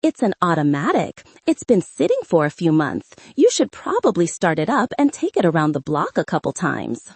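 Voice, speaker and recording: A woman's voice: lowish voice, huge pitch swings, moderate pace, hardly any pauses, darkish tone, breathy edge, dry recording, heavily acted. A woman voicing a blunt, bossy seventy-seven-year-old grandmother with a Spanish accent in an audiobook. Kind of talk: audiobook character voice.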